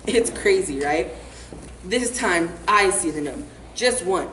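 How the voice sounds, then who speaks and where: A woman's voice: lowish voice, animated, takes it slowly, fairly bright tone. A young woman acting out a reckless, rambling teen troublemaker in a comic stage monologue, live in a theater. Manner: breezy, rambling, full of "like" and "right?". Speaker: student actor in a stage monologue. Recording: echoey theater hall, faint hiss.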